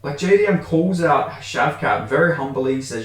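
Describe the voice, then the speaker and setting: A man's voice: mid-range voice, expressive, brisk, hardly any pauses. A man ranting casually about fighters and fans, exasperated, swearing heavily and restarting his sentences as he goes. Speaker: MMA commentary channel host. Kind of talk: casual opinion rant. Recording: echoey room.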